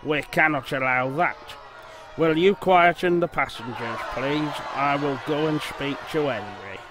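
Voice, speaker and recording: A man's voice: a little slow, close to an everyday voice. A man doing a stern, formal railway boss. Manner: severe, formal, low. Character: stern, proper male railway director. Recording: noisy background hiss.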